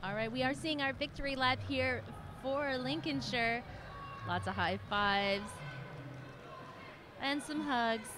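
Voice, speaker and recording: A woman's voice: sits high, slow pace, long pauses, noisy background. A woman from the United States working as a guest roller derby announcer, affectionate in her commentary. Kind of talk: live sports commentary.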